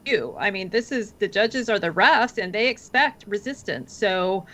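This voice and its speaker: A woman hosting a casual video panel, speaking at an average pitch. Her advice is plainspoken and encouraging. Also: animated, normal speed, fairly bright tone. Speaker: host, family law attorney.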